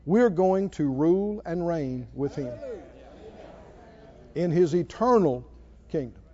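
A man preaching a sermon in a playful, chuckling way that builds to shouted calls to the congregation. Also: fairly high pitch, lively intonation, slow, muffled recording.

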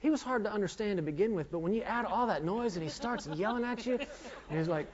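Male minister with a high voice; a storytelling sermon testimony, self-mocking. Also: lively intonation, fast talker, highs cut off.

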